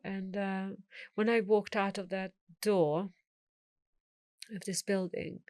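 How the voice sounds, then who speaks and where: A woman's voice: medium pitch, little pitch movement, slow, darkish tone, no room sound, clean studio sound. A middle-aged woman, a guest telling her life story in an interview, acting out the voices of the people she quotes.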